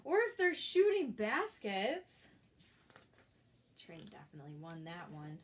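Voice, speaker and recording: A woman librarian reading a picture book aloud for children at storytime. She talks in a chatty way and asks the listeners questions. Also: fairly high pitch. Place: library, recorded for an online video.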